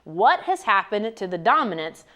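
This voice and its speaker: A woman's voice: mid-range voice, very animated, normal speed, pushed and bright. A woman co-hosting a casual sports talk show, reading listener questions and answering in a conversational way.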